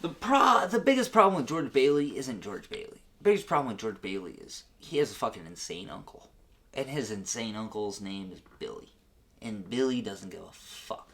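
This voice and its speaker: In a fairly low voice at a moderate pace, a male guest comedian recaps an old movie with crude, profane humor. He animates the story by performing the characters' quotes himself.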